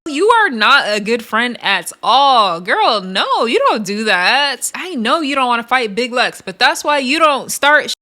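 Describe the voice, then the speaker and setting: A young adult woman giving casual, animated review commentary on a reality show, acting out quotes as she goes. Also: fairly high pitch, a little slow, few pauses. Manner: animated, chatty, acts out quotes.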